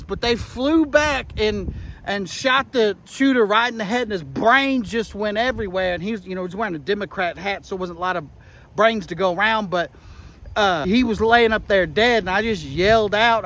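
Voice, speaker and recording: Outdoors with traffic going by, a comedian playing a rally eyewitness delivers a rambling, deadpan satirical character monologue in a voice that sits high, breaking into yelled slogans and imitated gunfire. The recording is rough.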